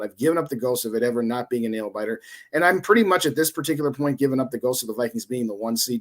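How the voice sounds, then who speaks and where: A man in his forties co-hosting a casual sports podcast, giving long opinionated rants. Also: mid-range voice. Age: 40s. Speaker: podcast co-host.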